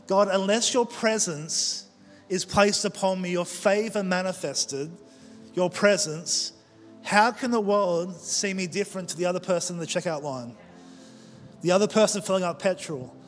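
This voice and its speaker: A man preaching a sermon as pastor, telling stories in a conversational way with quick asides. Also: high voice. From Australia. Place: large church auditorium. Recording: long church hall reverb with faint music.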